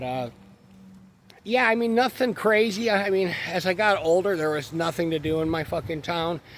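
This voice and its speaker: A man, rambling casually through childhood stories, swearing freely as he walks his dog outdoors. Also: a little high. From Western New York. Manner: profane, meandering, laid-back. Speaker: vlogger. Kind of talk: rambling personal storytelling. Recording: traffic noise behind.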